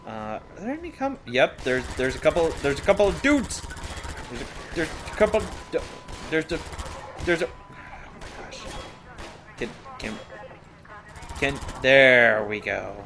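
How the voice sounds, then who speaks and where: A man's voice: mid-range voice, sing-song, a little slow, gravelly, long pauses, background noise. Playful man rambling over gameplay. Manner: rambling, playful, jokes at himself. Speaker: let's play host. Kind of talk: gameplay commentary. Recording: game sounds under the voice.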